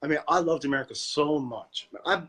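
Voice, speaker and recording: A man's voice: fairly high pitch, fairly quick, a bit bright, slightly rough. A man from Canada co-hosting a podcast, ranting about politics in a profane, worked-up way and often repeating words. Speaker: podcast co-host. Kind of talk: casual political chat.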